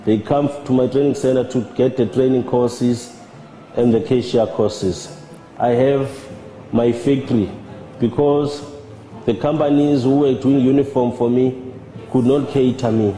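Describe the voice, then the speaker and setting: A man giving a measured, halting personal testimony as a church member. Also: medium pitch, steady tone, warm tone, slight background noise. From South Africa. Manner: measured, halting, with repeated words. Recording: roomy with long reverb and faint music.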